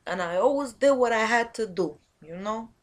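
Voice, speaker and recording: A woman voicing a tough male Italian mafioso who talks in a hushed, threatening, streetwise way. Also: a little high, lively intonation, normal speed, lightly acted. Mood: wounded, pleading.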